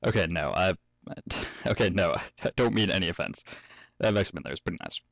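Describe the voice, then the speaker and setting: A young man reads a fan story aloud at home, constantly stopping to joke, swear and laugh in a casual reading full of asides. His low, gravelly voice is fairly bright, with lively intonation and a slightly fast pace. The recording is dry and the audio poor.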